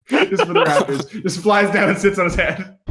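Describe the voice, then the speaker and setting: A man playing a comedic tabletop game, laughing often and acting out his wrestler's shouts. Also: high voice, huge pitch swings, a little slow, a little hiss or hum. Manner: laughs constantly, acts out his character's shouts. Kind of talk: casual comedic game play.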